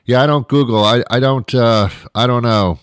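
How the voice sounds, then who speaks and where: A man's voice: medium pitch, normal speed, clear, resonant tone, no echo. A middle-aged man hosting a comedy show, delivering a rambling, sarcastic, self-mocking monologue into a close microphone. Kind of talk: satirical comic monologue. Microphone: close studio microphone.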